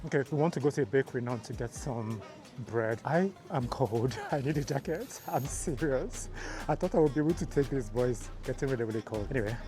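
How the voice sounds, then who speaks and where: A man from Nigeria vlogs outdoors on a city street, speaking to a handheld phone in a chatty, emphatic way. His voice sits at an ordinary middle pitch, and he stretches his points by repeating words. Faint music plays softly behind him. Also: fast. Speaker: vlogger. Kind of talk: casual travel vlog talk.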